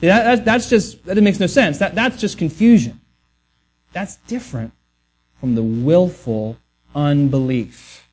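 A man's voice: fairly high pitch, animated, measured pace, a little mellow. A man preaching a sermon earnestly, often restarting words and acting out the voices he quotes. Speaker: pastor.

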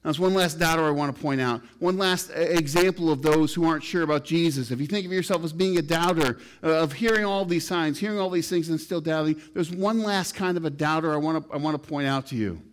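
Male pastor, sermon, high voice, rising and falling emphasis, reads scripture aloud. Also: fast talker, few pauses. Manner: reads scripture aloud, rises and falls in pitch and volume for emphasis.

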